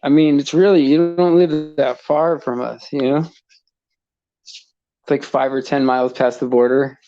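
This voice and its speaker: A man's voice: medium pitch, flat delivery, a little slow, mellow, no echo. A man from the United States rambling in casual livestream chat, full of fillers and restarts and chuckling often. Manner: chuckles often while talking. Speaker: livestream host. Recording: dull lo-fi sound.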